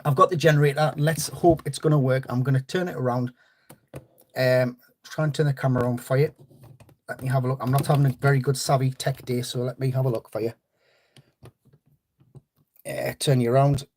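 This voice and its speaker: A man's voice: mid-range voice, fairly even intonation, brisk, long pauses, a little mellow. A man hosting a live fishing stream, chatting in a rambling way and greeting viewers by name. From North East England. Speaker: fishing channel host.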